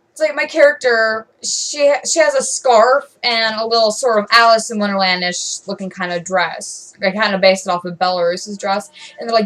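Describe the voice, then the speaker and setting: A woman's voice: mid-range voice, normal speed, hardly any pauses, a bit bright, rough recording. A teenage girl ranting to camera in a rambling, aggrieved way, full of "um"s, "like"s and restarts. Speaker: vlogger.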